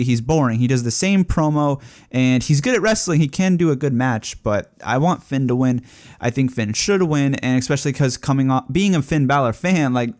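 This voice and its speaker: A young man giving casual, opinionated solo commentary, profane and ranting, growing excited as he talks. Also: mid-range voice. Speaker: wrestling podcaster.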